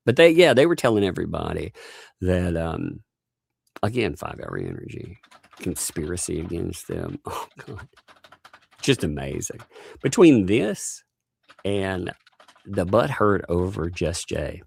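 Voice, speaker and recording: A man hosting a casual live stream, mocking the people he talks about, laughing often and putting on high voices to mimic them. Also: gravelly, darkish tone, no room sound, clean studio sound. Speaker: channel host.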